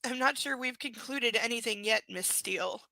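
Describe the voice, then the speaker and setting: A woman's voice: a little high, normal speed, gravelly, bright, forceful tone, no room sound, poor audio. A woman reading as a possessive young rich man. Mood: cool possessive. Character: controlling young male billionaire, cool and possessive.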